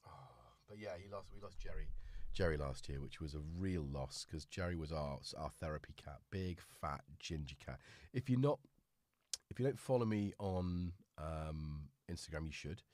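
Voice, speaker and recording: A man hosting a relaxed live stream, chatting casually and talking fondly to his cats. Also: extremely low pitch, normal speed, no echo. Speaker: livestream host.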